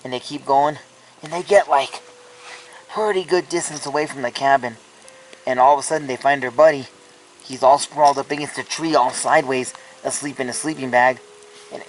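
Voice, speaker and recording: A man's voice: mid-range voice, fairly even intonation, brisk, slight background noise, low-quality recording. A man casually telling a ghost story, rambling with lots of filler words and restarts.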